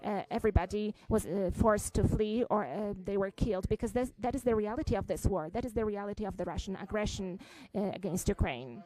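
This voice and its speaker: A woman giving a simultaneous interpretation at a press conference, halting, with frequent fillers and restarts. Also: medium pitch, warm tone, dry recording, rough recording.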